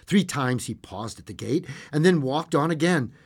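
Husky male storyteller with lively pitch. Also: normal speed. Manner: expressive, with occasional stumbles and chuckles. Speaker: narrator. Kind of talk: reading a classic short story aloud.

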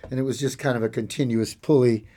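A man's voice: mid-range voice, fairly even intonation, fast, mellow. A man hosting a radio show, singing along to his guitar and chatting in a playful, rambling, self-mocking way. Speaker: radio host. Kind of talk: singing with guitar and casual chat. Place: radio studio.

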